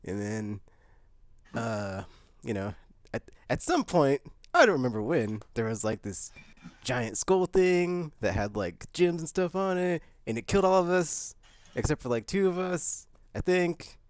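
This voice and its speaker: A man's voice: mid-range voice, sing-song, measured pace, no echo. A man casually recapping a game session, rambling and jokey, loose with filler words. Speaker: player.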